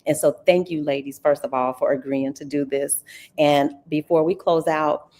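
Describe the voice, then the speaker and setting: A woman hosts a casual livestream conversation in a slightly low voice. She talks in an animated, folksy way, calling her listeners honey and girl. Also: moderate pace. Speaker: host.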